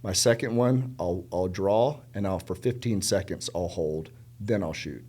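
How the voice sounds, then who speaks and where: A middle-aged man from South Carolina speaks in a fairly low voice as a podcast guest. He tells stories casually and animatedly, leaning on words with repetition and slipping into the voices of the people he quotes. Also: a little slow, husky. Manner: animated, acts out quoted dialogue; emphatic, repeats words for stress. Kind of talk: casual storytelling conversation.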